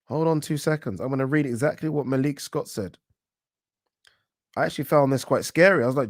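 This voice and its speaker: A man hosts a casual live stream about boxing, reading out viewer comments and answering them in a frank, animated way. His voice sits at an ordinary middle pitch. The sound is dry and close, with almost no room around it. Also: fairly quick, pauses often, no echo. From England. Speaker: boxing channel host.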